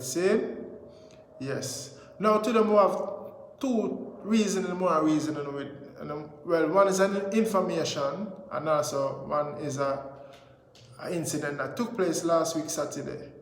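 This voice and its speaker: A man with a Jamaican accent talks casually to his viewers in a rambling, patois-flavoured way, sprinkling in greetings and blessings. His voice sits a little high for a man. The recording rings with a long, roomy reverb. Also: gravelly. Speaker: vlog host. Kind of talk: casual vlog commentary. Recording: echoey room with long reverb.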